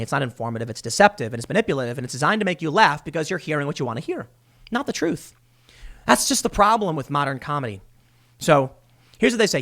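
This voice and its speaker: A man's voice: a little high, very animated, fast talker, fairly bright tone. A man hosting a solo commentary show, ranting with exasperated sarcasm and mocking the people he quotes. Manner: mocking voices when quoting people. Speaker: political commentary host.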